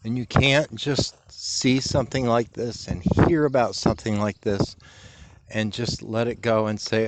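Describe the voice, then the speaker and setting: A man vlogging outdoors on a trail, tearful and emotional, talking in a halting, heartfelt way with pauses and restarts. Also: medium pitch, level tone, a little hiss or hum. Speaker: motorcycle travel vlogger. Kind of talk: emotional reflective monologue.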